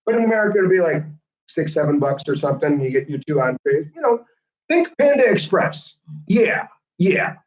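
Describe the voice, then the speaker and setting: Animated high-voiced chatty man. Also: moderate pace. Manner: chatty, animated, laughs often. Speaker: host. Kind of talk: casual chat. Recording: roomy, dull lo-fi sound.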